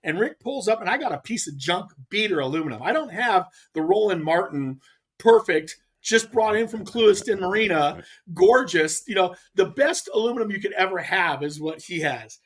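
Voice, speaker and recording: A man as a guest telling a long, animated story in casual chat, emphatic and rambling. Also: high-pitched, moderate pace. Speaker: guest angler.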